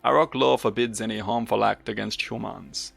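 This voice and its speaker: A man's voice: on the low side, fairly even intonation, normal speed, creaky, a bit bright, full character voice. A man voicing a solemn exiled male bird-folk warrior in a put-on French accent for a video game let's play. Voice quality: accent degrading as it goes.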